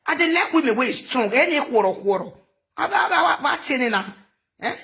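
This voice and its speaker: A woman's voice: high voice, animated, fairly quick, vocal fry, fairly bright tone. Chatty Nigerian woman gossip vlogger. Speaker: social media commentator. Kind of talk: gossip commentary vlog.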